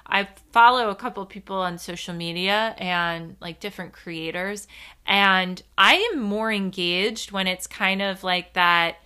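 Bright, forceful woman hosting a solo podcast; bouncy, tangent-prone, laughs through awkward moments. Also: mid-range voice, measured pace, clear, resonant tone. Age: adult. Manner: animated, rambling, giggles when uncomfortable. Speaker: podcast host.

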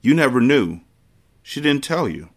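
A man's voice: mid-range voice, very animated, unhurried. A man voicing a frightened young man pleading with his vampire father, in an earnest, pleading way, in a read-aloud novel.

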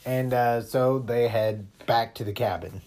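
A man's voice: medium pitch, unhurried, darkish tone, slight background noise. Laid-back man chiming in on a movie recap. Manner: laid-back, chuckling, adds details and short agreements. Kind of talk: casual chat.

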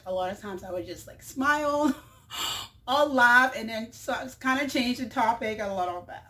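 A woman's voice: fairly high pitch, sharp tone. A woman, a mother, hosting her own show in a casual monologue, chatty and full of fillers, often laughing. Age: adult mother. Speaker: show host.

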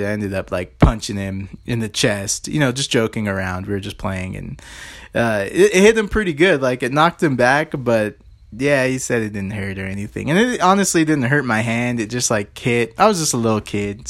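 A man talks to his viewers in loose, rambling storytelling. He fills his sentences with "like" and "you know" and keeps a plain, medium-pitched voice. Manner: rambling, heavy on "like" and fillers. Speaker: vlogger. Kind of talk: casual storytelling.

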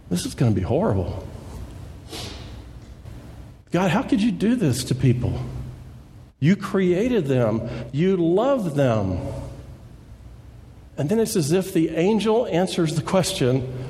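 A man delivers a sermon in an earnest preaching voice, pitched a little high for a man. He reads scripture aloud and explains it steadily. His voice rings out with a long reverb. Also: darkish tone. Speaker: pastor.

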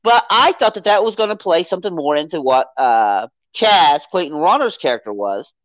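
A podcast co-host in a casual movie review chat, rambling and animated as they recount the plot. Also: mid-range voice, moderate pace, no room sound. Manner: rambling, animated, acts out character quotes.

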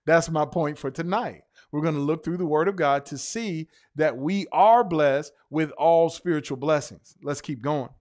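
A man's voice: a little high, a little mellow. A man preaching a sermon to his congregation, stretching key words for emphasis, spelling them out letter by letter and calling out to the church. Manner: emphatic, drawn-out stresses on single words; calls out to the congregation.

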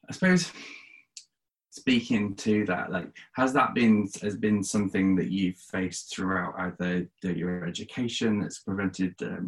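A man's voice: sits low, rough recording. A man hosting a casual interview over a video call, asking rambling, encouraging questions. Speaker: interview host.

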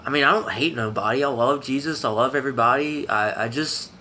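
A young man from the Southern US mountains, crying as he talks haltingly and repeats himself in an emotional personal testimony. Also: medium pitch, bright, forceful tone, slight background noise. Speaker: interviewee.

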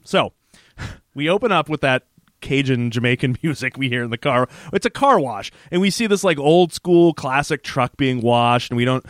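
A man co-hosting a podcast, casually recapping a TV episode in an animated way, laughing and acting out scenes. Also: medium pitch, moderate pace, no echo, clean studio sound. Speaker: podcast co-host.

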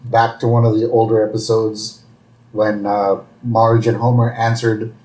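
A man co-hosting a podcast, casually recapping a cartoon episode and acting out the characters' lines with loud bursts. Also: fairly low pitch, monotone, unhurried. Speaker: podcast co-host. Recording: roomy echoey sound.

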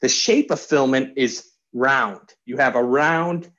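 A young man co-hosting a relaxed tech podcast, explaining a hobby topic with puns and frequent laughter. His voice sits at an everyday pitch, and the recording sounds a little dull and lo-fi. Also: measured pace. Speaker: podcast co-host. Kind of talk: casual podcast chat.

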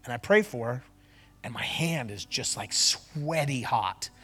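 A man preaching a sermon as a pastor, moving from loud declarations to quick, chatty storytelling in front of a church congregation. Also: mid-range voice, expressive, husky. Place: church service before a congregation.

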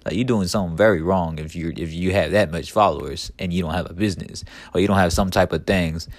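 A man's voice: low-pitched, quick pace, dry recording. A man hosting a podcast in a casual, rambling monologue, profane and full of "like" and "man", with heated bursts of ranting. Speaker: podcast host.

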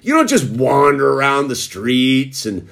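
Lively, preachy man ranting. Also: medium pitch, unhurried, gravelly. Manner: preachy, repeatedly saying "dude"; emphatic, lecturing. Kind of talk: casual monologue rant.

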